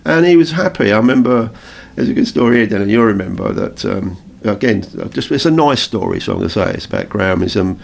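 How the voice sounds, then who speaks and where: A man with an English accent, co-hosting a radio show and telling anecdotes in a casual, animated way with frequent laughs. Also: fairly low pitch, fast talker, creaky, few pauses. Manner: storytelling, animated, laughs often. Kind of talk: casual reminiscing chat.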